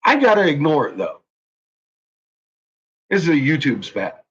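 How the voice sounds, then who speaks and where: A man's voice: a little high, big pitch swings, measured pace, long pauses, fairly bright tone, husky, highs cut off. A man ranting angrily on his channel, swearing constantly and making heated threats. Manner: profane, heated, swaggering threats. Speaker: YouTuber. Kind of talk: angry ranting vlog.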